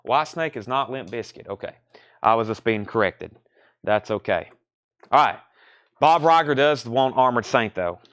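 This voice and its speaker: A man runs a live record sale, rattling off titles and prices while answering comments. His voice is smooth and resonant at a middle pitch. The sound is dry and close, with no room around it. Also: lively intonation, fairly bright tone, dry recording. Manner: fast, running price calls and reading comments. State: out of breath. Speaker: record store host selling live. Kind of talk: live sales stream chat.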